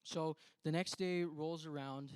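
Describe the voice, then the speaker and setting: A man's voice: a little high, fairly even intonation, unhurried, clean tone, no room sound. A young man from Canada giving a conversational testimony at a church, telling a story with quoted self-talk and frequent restarts. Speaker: church speaker.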